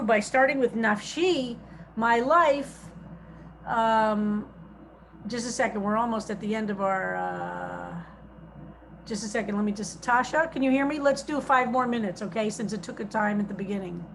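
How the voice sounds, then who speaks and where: A woman with a somewhat high voice leads a psalm study as a rabbi, speaking over a video call. She reads verses aloud and explains the Hebrew grammar patiently. A faint hiss sits under her voice. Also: lively intonation, normal speed, rough recording. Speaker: rabbi teaching a psalm class.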